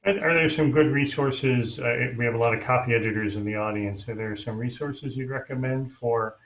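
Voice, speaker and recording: A man's voice: medium pitch, moderate pace, fairly bright tone, low-quality recording. Hesitant male interview host. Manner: hesitant, with repeated restarts. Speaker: host and editor. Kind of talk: casual interview chat.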